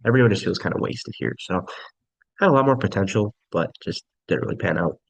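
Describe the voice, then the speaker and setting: Young man, very low voice, dry close sound, relaxed movie-review chat. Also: fairly quick, vocal fry, no room sound, low-quality recording. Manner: relaxed, laid-back, frequent ums. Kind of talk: casual movie ranking commentary.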